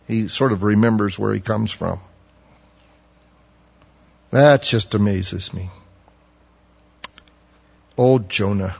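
A man preaching a sermon, acting out the prophets he quotes in loud, pleading bursts. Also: lowish voice, steady tone, takes it slowly, gravelly, pauses often. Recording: muffled audio with long hall reverb.

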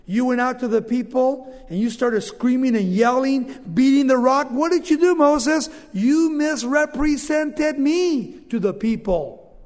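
A preacher voicing God, chiding in a reverberant hall. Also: male voice, very high voice, moderate pace, hardly any pauses, a little mellow, voice pushed up. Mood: reproachful. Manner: conversational, questioning, chiding. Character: God, stern fatherly deity scolding.

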